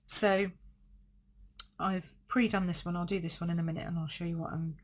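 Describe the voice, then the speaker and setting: A woman's voice: fairly low pitch, steady tone, moderate pace. A woman leading a live card-making demonstration, chatting, thinking aloud and correcting herself as she works. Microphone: desk setup streaming live.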